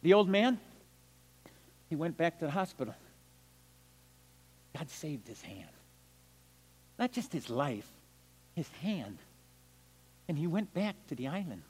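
An older man, a missionary evangelist, telling stories in a sermon. He swings animatedly between loud bursts and hushed, quiet stretches. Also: on the high side, sing-song, takes it slowly, long pauses, slightly rough. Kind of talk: storytelling sermon. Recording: long hall reverb.

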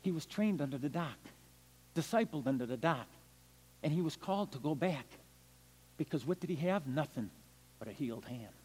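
An older man with a high voice preaches as a missionary evangelist, telling stories with animated swings from loud bursts down to hushed murmurs. His voice carries a long reverb, as if spoken in a large hall. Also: normal speed, long pauses, husky. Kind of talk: storytelling sermon.

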